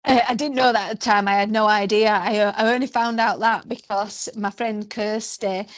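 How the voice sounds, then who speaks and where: A middle-aged woman, talking freely as a guest. She rambles and pokes fun at herself, and her voice sits at an ordinary middle pitch. The sound is dry and close, with no room around it. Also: steady tone, moderate pace, no echo. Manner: chatty, rambling, self-deprecating. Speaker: guest, race participant. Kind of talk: casual interview chat.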